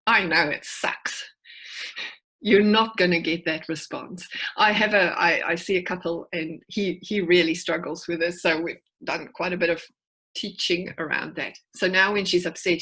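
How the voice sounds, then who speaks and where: Husky-voiced woman psychologist telling stories. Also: on the low side, normal speed, a bit bright, poor audio. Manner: storytelling, with frequent word restarts. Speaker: clinical psychologist, guest speaker. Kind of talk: conversational presentation. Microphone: video call.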